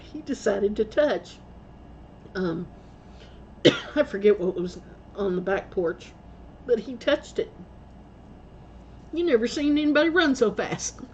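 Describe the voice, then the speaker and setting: Mellow-voiced woman telling stories casually. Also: on the high side, dull audio, a little hiss or hum. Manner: rambling, laughs often, self-corrects. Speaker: vlogger. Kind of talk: casual storytelling.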